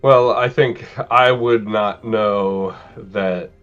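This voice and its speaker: Very deep-voiced hesitant man, dull mic. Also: steady tone, a bit bright, smooth, faint music behind. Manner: halting, many "um"s and restarts. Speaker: player. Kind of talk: tabletop game play, casual chat.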